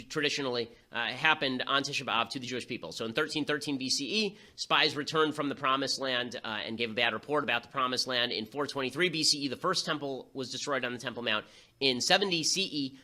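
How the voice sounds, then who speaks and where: A man hosting a show, delivering a rapid-fire, sarcastic political commentary monologue with quick asides. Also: medium pitch, sharp tone. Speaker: host.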